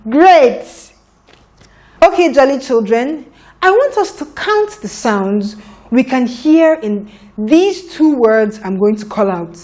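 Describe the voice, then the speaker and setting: Woman phonics teacher for young children, fairly high voice, very slow and deliberate delivery that sounds out each letter. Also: sing-song, darkish tone.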